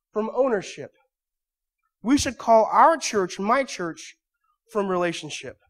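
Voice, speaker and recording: Emphatic male church pastor preaching. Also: sits high. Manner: swings from quiet storytelling to loud emphatic preaching. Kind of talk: sermon.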